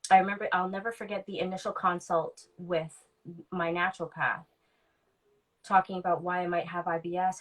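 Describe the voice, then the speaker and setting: On a podcast, a guest in her forties recounts something personal and candid, reflecting as she goes, re-enacting past conversations and saying um a lot. Her voice sits fairly low with a fairly bright tone, and the recording quality is poor.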